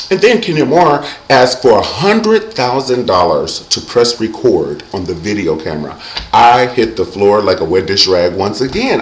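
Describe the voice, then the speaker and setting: A man's voice: mid-range voice, reverberant, low-quality recording. A man hosting a casual comedic recap vlog, sassy and full of catchphrases. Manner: sassy, animated, catchphrase-heavy. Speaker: vlog host reviewing a reality show.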